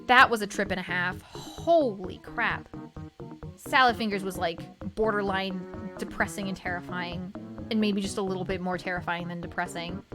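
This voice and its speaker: A young woman streamer chatting casually and reading chat aloud, bubbly, with lots of quick repeated yeahs. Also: medium pitch. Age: young adult. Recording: stream with music playing behind.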